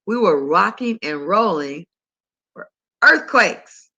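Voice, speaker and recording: Bright-voiced chatty woman host. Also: medium pitch, slow pace, lo-fi sound. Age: older. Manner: chatty storyteller, animated and conversational. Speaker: health talk host. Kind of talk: casual monologue to listeners.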